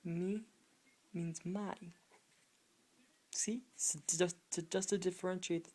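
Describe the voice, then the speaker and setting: A Spanish tutor teaches a casual video lesson, repeating each example word several times and quizzing her viewers. Her voice is lowish, dark and husky.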